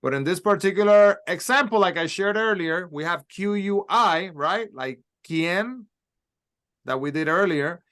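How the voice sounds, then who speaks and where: Slow, high-voiced man teaching Spanish. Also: expressive, fairly bright tone, clean tone. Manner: slow, carefully sounds out letters and words for repetition. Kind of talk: classroom language lesson.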